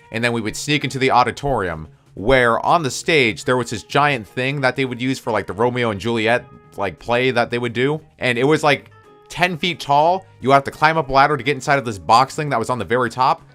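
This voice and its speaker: A man's voice: medium pitch, brisk, a bit bright, soft background music. A young man telling a personal story in a casual, crude, joking way with mock-spooky flourishes.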